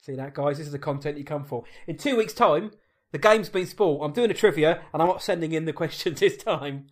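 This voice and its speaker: A man's voice: fairly high pitch, fairly quick. A young man hosting a podcast, teasing his co-host through a game and giggling often. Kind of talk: casual chat, hosting a game.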